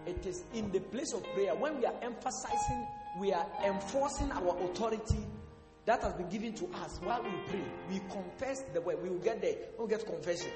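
A male pastor preaching a sermon, asking the congregation questions and breaking into sudden shouts. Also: high voice, fairly quick. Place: church hall. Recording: echoey hall with faint music.

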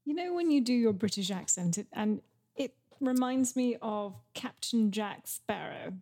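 A woman's voice: fairly high pitch, expressive, unhurried, dark tone. A woman co-hosting a casual podcast, mostly giving short, agreeable replies. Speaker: podcast co-host.

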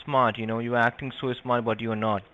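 A man's voice: mid-range voice, little pitch movement, fairly quick. A man on a phone call, angry and abusive in broken English. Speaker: scammer on a call. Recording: muffled phone-line audio.

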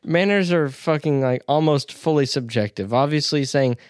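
A man's voice: fairly high pitch, moderate pace, no room sound, clean studio sound. A man co-hosting a casual podcast chat, joking and swearing with frequent laughter. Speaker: podcast co-host.

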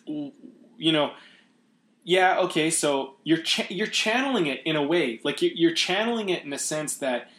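A man's voice: fairly high pitch, animated, normal speed, a bit bright, echoey room. A man hosting a podcast, talking casually and reflectively with many restarts. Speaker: podcast host. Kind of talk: casual conversation.

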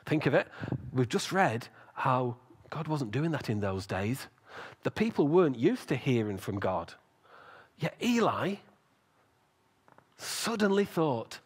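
A man preaching a sermon, retelling a story with lively acted-out voices. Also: medium pitch, slow, slightly rough. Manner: animated storytelling with acted quotes.

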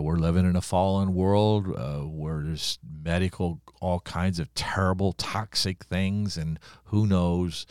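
An older male pastor preaching with a very low voice. He delivers his sermon earnestly, leaning on pauses and slowing down for weight. The sound is dry and close. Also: a little mellow, dry recording. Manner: earnest preaching with dramatic pauses and slowed emphasis.

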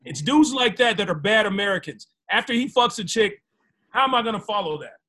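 Bright high-voiced man teasing on a talk show. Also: animated, brisk. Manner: teasing, jokey questions. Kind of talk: casual podcast banter.

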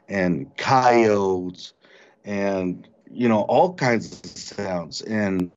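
Halting man telling a frightening story. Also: lowish voice. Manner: halting, repeats words when shaken, mimics animal sounds. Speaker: interview guest recounting an encounter. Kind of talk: storytelling in an interview. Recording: dull lo-fi recording.

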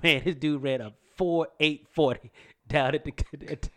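A man's voice: fairly high pitch, normal speed. A man co-hosting a casual sports talk show, telling stories and acting out the voices of people in them, laughing as he goes. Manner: animated storyteller, acts out quoted voices, laughs often.

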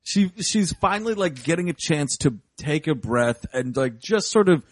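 A man's voice: fairly high pitch, animated, normal speed, dry recording, clean studio sound. A man co-hosting a podcast in casual chat, joking and acting out movie scenes in put-on voices. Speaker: podcast co-host.

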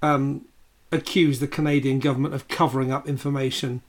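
A man co-hosting a podcast in casual chat, calmly recounting events from notes. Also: medium pitch, a little fast. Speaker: podcast co-host.

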